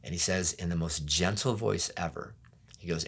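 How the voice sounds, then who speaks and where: A middle-aged pastor telling his own story in an interview, candid and often quiet, acting out the voices of people around him. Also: low voice, normal speed, slightly rough. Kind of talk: personal testimony interview.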